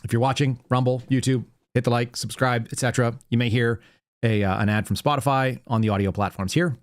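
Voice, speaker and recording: Man, podcast host, conversational monologue, mid-pitched voice, dry room. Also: steady tone, a little fast, dry recording. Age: adult with young child. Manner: conversational, repeats words when restarting. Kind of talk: casual live-show monologue.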